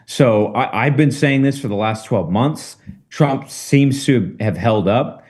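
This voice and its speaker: A man talking through current politics in a casual discussion, measured and emphatic, with rhetorical questions. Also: mid-range voice, a little mellow. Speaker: political commentator.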